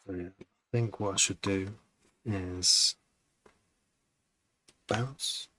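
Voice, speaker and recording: A man producing music on a live stream, chatting casually in a low-key, somewhat monotone way as he thinks out loud. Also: extremely slow. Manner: rambling, self-correcting, thinking out loud.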